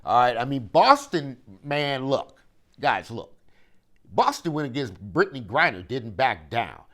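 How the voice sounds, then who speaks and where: Animated man hosting a sports podcast. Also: mid-range voice, a little slow. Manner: animated, preachy, repeats phrases, talks straight to listeners. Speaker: podcast host. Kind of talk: solo sports commentary podcast.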